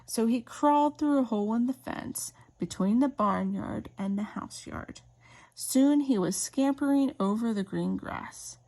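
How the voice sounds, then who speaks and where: Woman, bedtime story reading, gentle, unhurried, gravelly voice. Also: on the high side.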